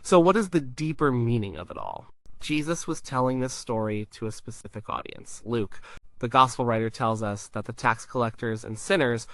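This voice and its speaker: A man giving a scripted Bible teaching in a measured, emphatic way, with deliberate pauses. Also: mid-range voice, lively intonation, a bit bright, no echo. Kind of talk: scripted narration.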